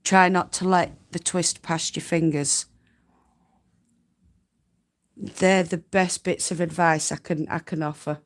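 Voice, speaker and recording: On a relaxed live stream, a woman from North Yorkshire, England, gives friendly, homely spinning tips in a Yorkshire accent and often laughs. Her voice is on the low side, steady in tone, at a moderate pace.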